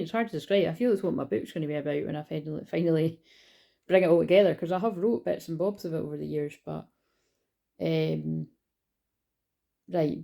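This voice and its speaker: A woman's voice: lowish voice, gravelly, warm tone. A Scottish woman giving a casual, rambling spiritual card reading, chatty and swearing now and then.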